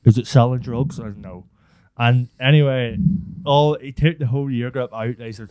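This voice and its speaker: A young man, rambling through a story on a casual podcast and cursing freely along the way. His voice sits mid-range with a mellow, dark tone, recorded dry and close to the mic. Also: medium pitch, normal speed, smooth, no echo. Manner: rambling, swears freely, animated impressions. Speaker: podcast co-host.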